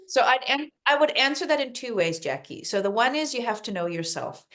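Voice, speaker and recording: A woman talking as a dog behavior expert guest on a podcast, calm and explanatory, often repeating words for emphasis. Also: fairly high pitch, a little fast. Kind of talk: podcast interview advice.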